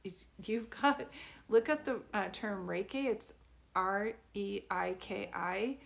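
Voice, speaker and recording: A woman giving psychic readings on a livestream, soft and soothing, calling people sweetie and honey, often restarting her sentences. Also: mid-range voice, slow pace, gravelly. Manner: rambling, restarts mid-sentence. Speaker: psychic medium doing live readings.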